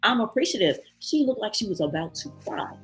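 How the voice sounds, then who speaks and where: A woman's voice: medium pitch, fairly quick, creaky, faint music behind. A woman telling a travel story in a casual vlog, acting out other people's voices. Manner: animated, acts out other people's voices in quotes. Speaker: travel vlogger.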